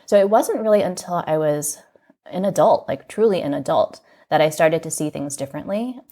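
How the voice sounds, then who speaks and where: A woman with a notably low-pitched voice speaks as a podcast guest, candid and reflective as she tells her story. She often slips "like" into her sentences, and she sounds earnest throughout. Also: animated, normal speed, mellow. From United States. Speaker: magazine editor, podcast guest. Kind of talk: candid personal storytelling in an interview.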